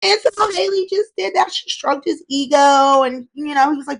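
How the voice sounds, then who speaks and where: Woman host, slightly high voice, chatty and animated, acts out quotes. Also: rough recording. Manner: animated, acts out characters' lines in quick put-on voices. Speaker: host recapping a soap opera. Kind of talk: casual chat.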